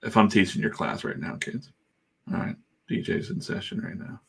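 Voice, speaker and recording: A middle-aged man talks in a loose, rambling livestream chat while he works, irreverent and quick to swear. His voice sits low with a gravelly rasp and a husky edge. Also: fairly bright tone. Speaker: comic artist streaming while inking.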